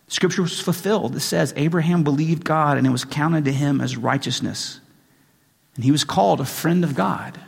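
Husky-voiced man preaching in a big hall. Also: fairly high pitch. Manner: earnest, with frequent restarts and rising intensity in readings. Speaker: pastor. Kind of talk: sermon. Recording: long reverb in a large hall.

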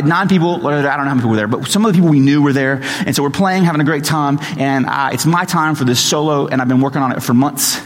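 A man preaching a sermon as pastor, telling stories with animated acted-out voices. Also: on the high side. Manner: animated storytelling, acts out quoted voices. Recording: reverberant hall recording.

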